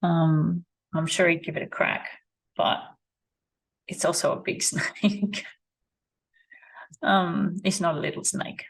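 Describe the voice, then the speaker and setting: A woman, talking slowly and reflectively in a personal vlog, repeating her phrases as she thinks aloud at her rural home. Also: fairly low pitch, fairly even intonation, gravelly, husky. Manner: slow, musing, repeats phrases. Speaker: vlogger. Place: rural home with animals nearby.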